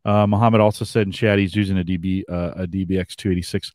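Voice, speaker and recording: A man co-hosting a podcast, chatting in a relaxed, conversational way. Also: low-pitched, fast, no echo, studio quality. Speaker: podcast co-host. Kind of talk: casual podcast chat.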